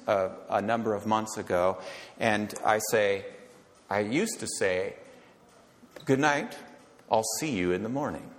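A male pastor giving an emphatic sermon, often asking rhetorical questions and checking in with "okay?". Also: medium pitch. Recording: long reverb of a large hall.

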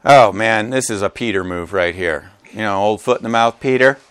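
A man preaching a sermon to his congregation. He is animated and joking, and acts out quotes with big jumps in pitch. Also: moderate pace. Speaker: pastor. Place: church gathering with a live congregation.

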